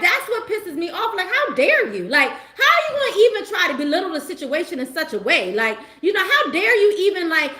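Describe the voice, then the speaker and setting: Animated laughing woman tarot reader. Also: very high-pitched, echoey room. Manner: animated, laughing, slangy and emphatic. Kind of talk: casual livestream chat.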